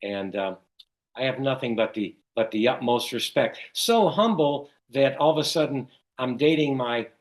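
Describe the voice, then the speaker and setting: An older man from Chicago, a guest telling stories in an interview with lots of animated retelling. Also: mid-range voice, normal speed, rough recording. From Chicago, USA. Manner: animated storyteller who acts out quoted dialogue. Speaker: guest, cycling race announcer. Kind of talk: casual storytelling in an interview.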